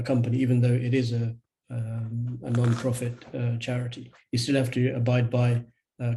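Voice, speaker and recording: A man answering questions on a webinar video call, measured and hesitant with many fillers. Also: medium pitch, dark tone, rough recording. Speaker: charity registration advisor.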